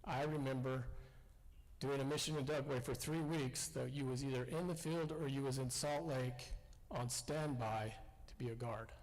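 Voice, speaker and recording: A man's voice: medium pitch, fairly even intonation, moderate pace. A man, a veteran, telling self-deprecating, folksy stories at an assembly. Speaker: veteran speaker. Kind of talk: storytelling speech. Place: school assembly hall. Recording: long hall reverb.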